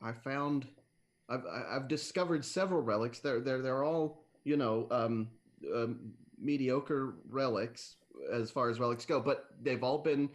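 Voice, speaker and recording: A man's voice: mid-range voice, a little slow, voice pushed up, natural voice. A man voicing a greedy, cocky fourteen-year-old boy who talks back defensively. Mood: boastful. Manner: defensive, offhand.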